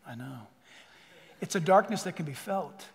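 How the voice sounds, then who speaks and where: A man preaching a sermon to a church congregation, with a rather high voice. He is animated, acting out little voices and then dropping to a hush for emphasis. The sound rings with the long reverb of a big sanctuary. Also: moderate pace, gravelly. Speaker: pastor.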